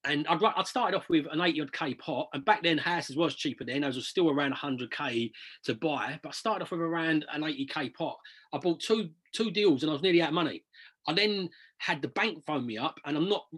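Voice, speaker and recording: Guy rattling on fast about property deals, husky voice a bit on the high side. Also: fairly bright tone. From southern England. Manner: chatty, rambling, repeats words when restarting. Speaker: property investor and coach. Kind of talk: casual interview storytelling.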